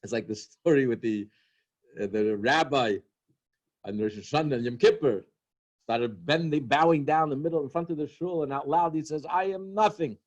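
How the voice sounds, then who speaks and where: A man giving a sermon as a rabbi, telling humorous stories and acting out their characters in an animated way. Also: mid-range voice, moderate pace, muffled recording. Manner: storytelling, animated, acts out characters in jokes.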